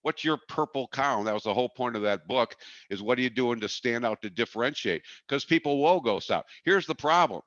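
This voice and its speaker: A man's voice: mid-range voice, expressive, brisk, fairly bright tone, no room sound, dull audio. A middle-aged man from Wisconsin giving a folksy, jokey, emphatic marketing webinar talk.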